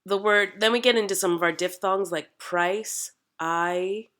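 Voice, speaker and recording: A woman's voice: mid-range voice, normal speed, fairly bright tone. A Canadian woman coaching actors in an accent, explaining and demonstrating sounds to camera with frequent ums. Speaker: dialect coach.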